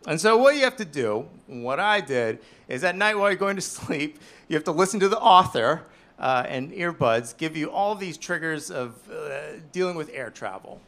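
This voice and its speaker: A man in his thirties telling a self-deprecating story on stage, animated and swinging between loud and hushed. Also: a little high, normal speed. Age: 30s. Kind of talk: live storytelling performance.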